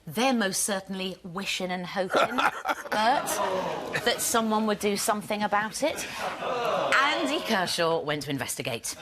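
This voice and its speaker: A woman's voice: medium pitch, animated, normal speed, very noisy. A woman co-hosting a TV chat show, chatty and playful as she links between items. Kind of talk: presenting a live magazine show.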